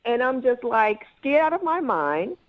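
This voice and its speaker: A woman's voice: fairly high pitch, sing-song. Exasperated woman caller on phone line. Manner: dramatic, exasperated, quick to mock. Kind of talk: call-in radio complaint.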